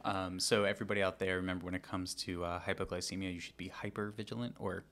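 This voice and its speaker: A man with a fairly low voice co-hosts a relaxed chat show. He explains things steadily and informatively, dotting his sentences with fillers. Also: fast talker. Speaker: co-host. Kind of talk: casual chat.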